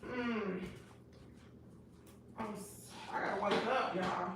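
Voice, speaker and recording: A hoarse woman with a Southern US accent, chatting to viewers in her home kitchen on a phone livestream. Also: medium pitch, slow, heavy background noise. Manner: chatty, talks straight to viewers, says y'all a lot. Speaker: livestream host. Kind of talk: casual livestream chat while cooking.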